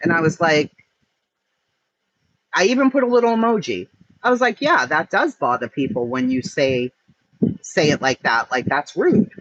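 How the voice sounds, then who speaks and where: A man's voice: a little high, moderate pace, pauses often, dry recording. A man, an online streamer, ranting in blunt, profane, emphatic commentary. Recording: muffled with steady background noise.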